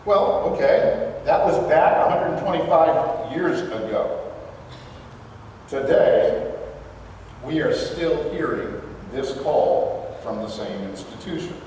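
A man hosting religious commentary, reading from documents and making earnest, emphatic points with halting restarts. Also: fairly high pitch, expressive, darkish tone, slight background noise. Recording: echoey hall from far off.

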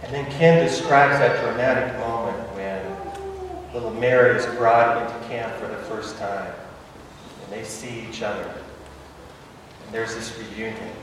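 A man preaching, telling a story dramatically with stammered repetitions, swinging between loud and hushed. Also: on the low side, measured pace, noisy background. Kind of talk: sermon storytelling. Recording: echoey hall, voice from far off.

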